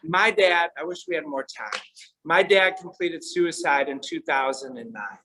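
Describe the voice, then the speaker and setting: A man giving a storytelling speech at a conference, earnest, sometimes soft and sometimes emphatic. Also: a little high, unhurried, a little hiss or hum, poor audio. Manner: earnest, shifts between soft and emphatic delivery. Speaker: keynote speaker.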